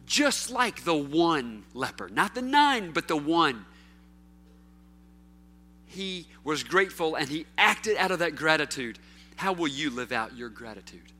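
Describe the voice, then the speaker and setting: A man preaching a sermon as pastor, rising to loud calls and dropping to a hush, putting question after question to his listeners. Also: fairly high pitch, big pitch swings, measured pace. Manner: preaching with sweeping swings from loud to hushed; calls out rhetorical questions to the congregation.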